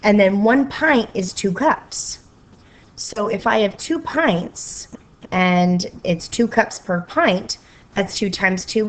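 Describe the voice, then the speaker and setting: A woman teacher explaining a math lesson to her students in a patient, step-by-step way, checking in with frequent okays and sometimes slipping into a playful sing-song. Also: medium pitch.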